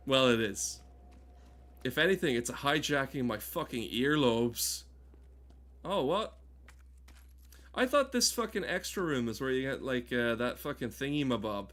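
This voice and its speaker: A man's voice: medium pitch, expressive, moderate pace, pauses often, a bit bright. A man streaming a game, talking casually with his chat in a rambling, joking way, swearing often and breaking off his own sentences. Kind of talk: casual gaming stream commentary.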